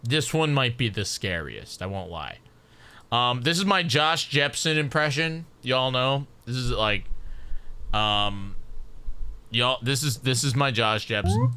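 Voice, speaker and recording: Male streamer, loose rambling talk full of restarts, bright and crisp. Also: medium pitch, lively intonation, slow. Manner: rambling, stacks repeated restarts. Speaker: game streamer. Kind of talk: casual live-stream chat.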